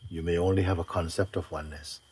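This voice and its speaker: A man as a spiritual teacher giving a spontaneous talk to a gathering, gentle and unhurried, often breaking into laughter. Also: deep voice, steady tone, husky. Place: retreat gathering.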